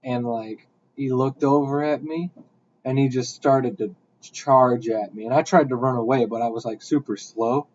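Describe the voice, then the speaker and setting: A young man telling a rambling story in casual podcast chat, with animated bursts. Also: medium pitch, normal speed. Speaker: podcast host. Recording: dull lo-fi sound.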